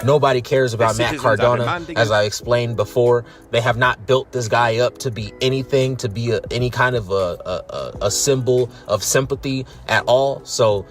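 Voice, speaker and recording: A man's voice: medium pitch, steady tone, moderate pace, few pauses, faint music behind. Blunt, profane male wrestling streamer. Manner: blunt, profane, frequent "all right?" tags. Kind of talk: casual wrestling recap.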